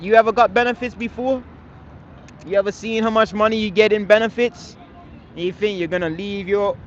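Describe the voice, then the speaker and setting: Man, high voice, outdoor street debater, emphatic, swears, faint traffic behind. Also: lo-fi sound. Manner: emphatic, repeatedly asks "you understand, man?"; swears casually. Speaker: street speaker at a public speaking corner. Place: outdoors in a London park.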